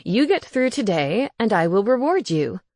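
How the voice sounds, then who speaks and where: A woman's voice: medium pitch, very animated, moderate pace, a little mellow, no room sound. A woman voicing a bossy, snooping male ghost housemate who teases and gets indignant. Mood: teasing, loud. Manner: teasing, indignant.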